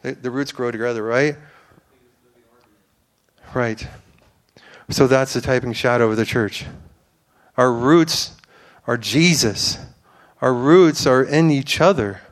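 A man's voice: mid-range voice, takes it slowly. A man giving an informal, earnest sermon to a church, rambling with fillers and restarts. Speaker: preacher.

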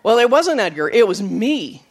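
A woman preacher giving a sermon, telling stories with acted quotes, moving from emphatic lines to soft, low asides. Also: sing-song, normal speed. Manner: storytelling, with acted quotes and laughs.

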